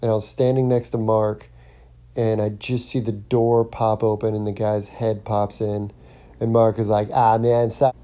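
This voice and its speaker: A man's voice: fairly low pitch, level tone, normal speed, mellow. A man hosting his own podcast as a stand-up comic, talking through a casual solo monologue with plenty of ums and restarts. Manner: rambling, lots of ums and restarts.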